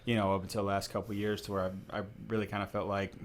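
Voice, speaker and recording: A man's voice: on the low side, flat delivery, racing, a little hiss or hum. A man co-hosting a podcast in casual chat, agreeable and reflective, often restarting phrases and saying "right, right.". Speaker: podcast co-host.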